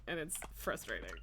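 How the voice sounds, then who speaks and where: A woman's voice: on the low side, a bit bright, slight background noise. A woman streaming a farming game, chatting casually and giggling, who slips into baby talk with her cat. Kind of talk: casual livestream chat while playing a farming game.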